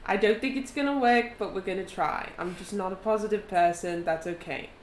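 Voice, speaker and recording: A woman's voice: medium pitch, fairly quick. A young woman playing a tabletop game, chatting casually and rambling, with the odd swear word. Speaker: player. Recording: echoey room with faint noise.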